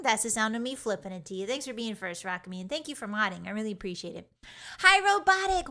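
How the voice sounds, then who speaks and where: Bright, bubbly young woman streamer. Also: a little high, animated, fast. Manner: playful, teasing, bubbly greetings. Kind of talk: casual stream chat.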